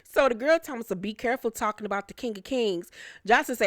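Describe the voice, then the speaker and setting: A woman's voice: a little high, quick pace, dry recording, studio quality. A woman giving a casual recap review of a reality show, brash and profane, laughing often.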